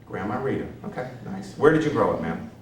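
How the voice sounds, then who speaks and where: A man's voice: fairly low pitch, expressive, a little fast, slight background noise. A man from Connecticut doing stand-up comedy, brash and self-mocking, chatting with the crowd from a stage. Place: theater stage. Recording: echoey hall, distant mic, audience audible.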